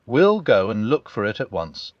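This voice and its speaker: A man voicing a kind, eager young boy in a storybook reading, his voice lifted higher. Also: very animated, normal speed, no echo, dull audio.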